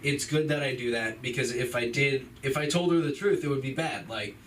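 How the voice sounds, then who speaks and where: A man's voice: mid-range voice, fairly quick, hardly any pauses, noisy background. A young man doing a stand-up set, rambling and self-deprecating, with lots of filler words. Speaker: stand-up comic. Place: small comedy club. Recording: open mic from far off, crowd.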